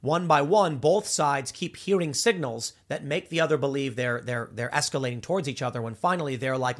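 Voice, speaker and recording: A man hosting a political commentary show, talking in an animated, rambling monologue with many restarts. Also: fairly high pitch, moderate pace.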